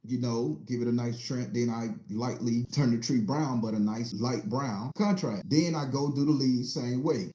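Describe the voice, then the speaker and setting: A man's voice: medium pitch, warm tone, reverberant. A man casually telling a childhood story in a rambling, profane, vivid way.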